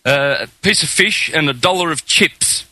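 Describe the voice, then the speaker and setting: A man's voice: fairly high pitch, lively intonation, moderate pace, pushed and bright, no room sound, voice pushed up. A man voicing a Kiwi customer in a joke he tells, speaking in a plain, matter-of-fact way.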